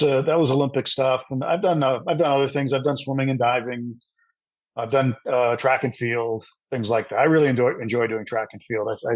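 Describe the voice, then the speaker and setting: A man's voice: medium pitch, no room sound, rough recording. Dry-sounding middle-aged male broadcaster. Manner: animated anecdotal storyteller with fillers. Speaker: sports broadcaster. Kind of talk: storytelling in an interview.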